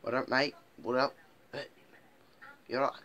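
A man's voice: medium pitch, level tone, normal speed, pushed and bright, a little hiss or hum, natural voice. A man putting on a goofy London accent, playing a chummy beer-drinking bloke who keeps saying mate. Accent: put-on London. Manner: repeats "mate" in a loose, goofy put-on.

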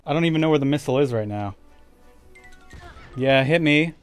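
A man's voice: on the high side, lively intonation, a little fast, smooth, soft background music. A man giving casual gameplay commentary, swearing often and joking through his frustration. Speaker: let's play gamer.

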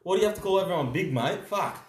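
Crude teasing Australian bloke. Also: male voice, sits high, animated, rapid-fire. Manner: crude, teasing, swears constantly. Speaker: card break co-host. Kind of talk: casual banter while opening cards. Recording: echoey room.

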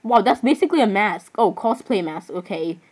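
A woman's voice: mid-range voice, animated, a little fast, darkish tone, breathy edge, poor audio. A woman vlogger rambling as she browses online, giggling and apologizing over and over. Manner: rambling, keeps apologizing, giggly, says "literally" often. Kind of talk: casual screen-browsing commentary.

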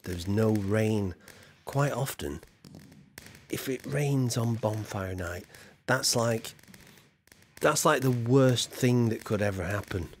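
A man's voice: mid-range voice, a little mellow, a little hiss or hum. A man chatting loosely as he streams a game, rambling with fillers. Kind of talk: live game stream chat.

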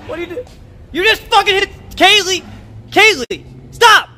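A very high-voiced man streaming live, loud and excitable, cursing and yelling at friends. Faint noise hums in the background. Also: normal speed. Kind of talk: rowdy livestream chat.

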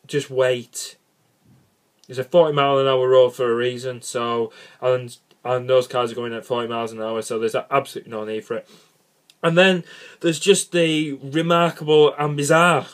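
A man's voice: mid-range voice, flat delivery, normal speed. A young man, rambling casually about cycling and bad drivers, exasperated and jokey with many restarts. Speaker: cycling vlogger.

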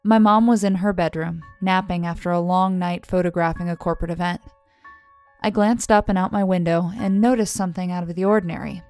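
A woman narrating a first-person horror story in a measured, scripted delivery, letting her voice fall softly on the tags. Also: on the low side, steady tone, clear, resonant tone. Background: soft music.

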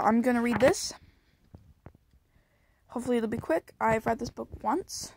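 Woman, high voice, gravelly fry, casual picture-book read-aloud, slight hiss behind. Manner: hurried, chatty, with many fillers. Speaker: channel host reading a picture book aloud.

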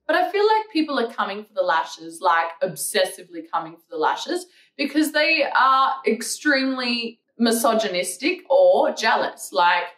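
Young woman, mocking and profane; bright-ish, highly animated voice in a roomy space. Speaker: vlogger. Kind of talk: ranting reply to comments. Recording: echoey room, mic at a distance.

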